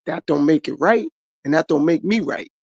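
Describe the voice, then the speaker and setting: A man's voice: fairly high pitch, lively intonation, normal speed, darkish tone, slightly rough, dry recording, lo-fi sound. A middle-aged man from the United States, talking earnestly and repetitively about his own life in a motivational podcast monologue. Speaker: podcast host.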